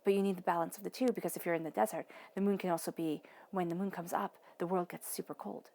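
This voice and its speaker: A woman giving a tarot reading, soothing, sometimes dropping to a soft whisper, with playful asides. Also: on the low side, steady tone, fast talker, creaky. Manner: playful asides, acts out voices in quotes. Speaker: tarot reader. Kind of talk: intuitive tarot reading monologue.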